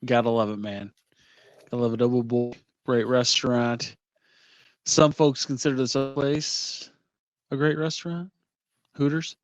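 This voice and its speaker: A man co-hosting a podcast, retelling a news story in a relaxed, amused way. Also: medium pitch, measured pace, pauses often, no echo. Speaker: podcast co-host. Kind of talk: casual podcast chat, reading a news story.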